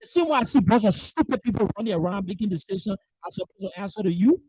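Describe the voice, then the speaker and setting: A furious political host speaking on a livestream, voice pitched in an ordinary middle range. The delivery is emphatic and profane, full of repeated rhetorical questions. The sound is close and dry, with no room around it. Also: expressive, fast, a little mellow, breathy edge, no echo, rough recording. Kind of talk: angry political monologue. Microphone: livestream microphone.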